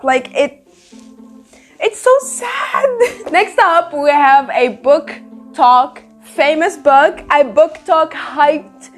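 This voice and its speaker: A woman hosting a casual book review vlog, talking in an emphatic, animated way and swearing freely. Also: sits high. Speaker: book reviewer, channel host.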